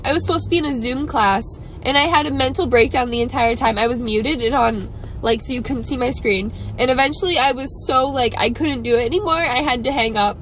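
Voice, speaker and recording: A young woman speaks through tears in a distraught, rambling confession to her camera. Her voice is high and bright. A faint hum sits in the background. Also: brisk, poor audio. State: crying. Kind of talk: confessional vlog.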